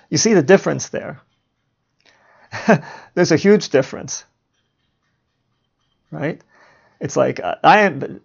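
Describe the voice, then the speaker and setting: A man hosting a podcast, musing on philosophy in a relaxed monologue and chuckling at his own asides. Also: on the high side, creaky. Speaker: podcast host. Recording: dull lo-fi home recording.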